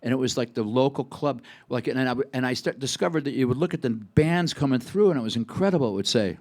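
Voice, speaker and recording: On stage at a live music club, a Buffalo, New York singer-songwriter in his sixties tells a chatty, rambling story between songs. His mid-range voice is a little mellow, with lively intonation and a brisk pace.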